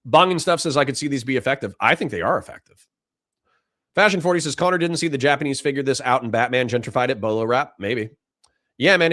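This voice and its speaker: A man's voice: on the high side, fairly bright tone, dry recording, clean studio sound. A young man hosting a livestream, reading viewer messages aloud and answering them bluntly with plenty of swearing. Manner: blunt, profane, reads donations aloud in mock voices. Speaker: livestream host reading chat. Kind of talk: casual livestream chat.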